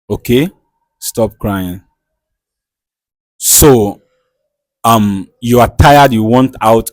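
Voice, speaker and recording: A man hosting a comedy skit in his studio, soothing his guest with repeated calming words. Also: fairly low pitch, dry recording, rough recording. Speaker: host.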